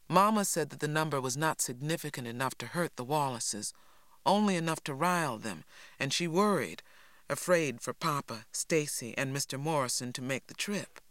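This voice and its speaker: A man reading an audiobook in a measured storytelling manner. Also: a little high, a bit bright, no room sound. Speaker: audiobook narrator. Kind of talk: scripted narration.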